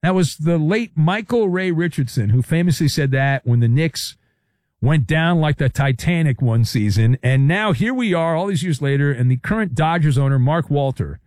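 A man's voice: fairly high pitch, animated, normal speed, darkish tone, no echo, clean studio sound. A middle-aged man giving theatrical, jokey sports commentary full of wordplay and playful sound effects.

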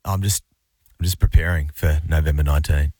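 A man's voice: extremely low pitch, steady tone, fairly quick, a little mellow, no room sound. A man co-hosting breakfast radio, playful and mock-shocked in casual banter. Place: radio studio. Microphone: studio mic.

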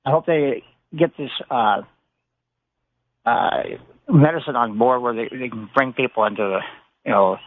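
A man's voice: mid-range voice, unhurried, long pauses. Easygoing man on a tinny phone line. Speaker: caller. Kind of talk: phone-in chat.

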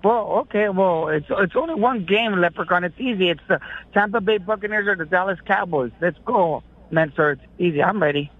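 Eager high-voiced man on a phone line. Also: a little fast. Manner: eager, playful. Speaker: regular caller. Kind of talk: sports talk radio call-in. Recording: tinny phone line with faint fiddle music.

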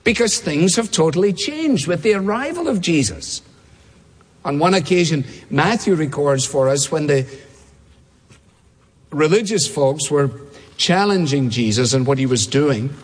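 A man preaching a sermon, emphatic, repeating key phrases and slowing down to stress words. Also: a little high, animated, slightly rough. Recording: long hall reverb.

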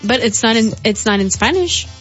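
A woman co-hosting a casual chat, playful and quick to laugh. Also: fairly high pitch, animated, fairly bright tone, slightly rough, highs cut off, faint music behind. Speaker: podcast co-host.

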